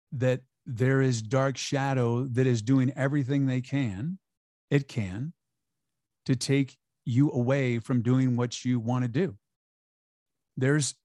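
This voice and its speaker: A man's voice: mid-range voice, dark tone, dry recording, studio quality. A man talking as an interview guest, upbeat and emphatic, sometimes acting out quoted voices. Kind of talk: conversational interview.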